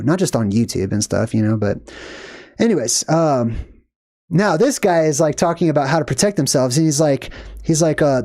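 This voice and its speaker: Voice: medium pitch, a little mellow. A commentator in their forties giving a casual, ranting movie commentary with emphatic opinions. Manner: ranting, emphatic, laughing asides.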